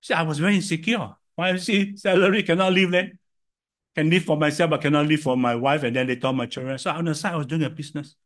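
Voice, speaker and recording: An older man with a Singaporean English accent preaching a sermon, telling stories and swinging from loud to soft. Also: fairly high pitch, fairly even intonation, fast talker. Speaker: pastor.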